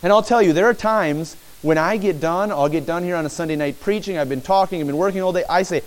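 Animated high-voiced male preacher. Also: fast, hardly any pauses. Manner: animated preaching, acting out shouted pleas. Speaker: pastor. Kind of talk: sermon.

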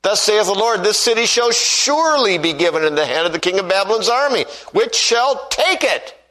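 A man's voice: high voice, animated, fast talker, sharp tone, low-quality recording. A man preaching a sermon who tells stories and acts out the voices he quotes, and reads scripture in old-fashioned wording.

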